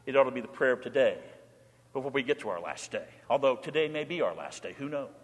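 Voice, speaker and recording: A pastor preaching a sermon, moving between plain teaching and short acted-out pleas spoken in quoted voices. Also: male voice, mid-range voice, animated, quick pace. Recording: church hall reverb.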